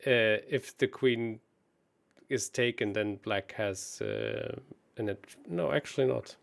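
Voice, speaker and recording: A man working through chess puzzles aloud as a guest, hesitant and quick to laugh at his own mistakes. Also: fairly low pitch, wildly swooping pitch, creaky. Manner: calculates aloud, hesitant and self-deprecating. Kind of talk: thinking aloud while solving puzzles.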